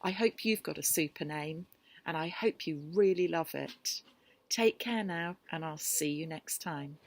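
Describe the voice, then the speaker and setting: A woman reading a picture book aloud to children, gentle and expressive. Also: low-pitched, measured pace. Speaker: storyteller.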